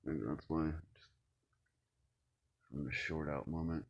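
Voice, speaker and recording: A man ranting alone to camera in a cold room at home, swearing freely and swinging between loud outbursts and low muttering. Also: fairly even intonation, measured pace, no room sound, muffled recording. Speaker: vlogger. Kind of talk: rambling solo rant to camera.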